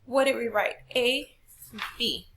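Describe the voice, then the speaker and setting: A woman's voice: fairly high pitch, slow, noisy background. A woman teacher walking a class through a poetry question, patient and step by step, asking rhetorical questions. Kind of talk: recorded classroom lesson.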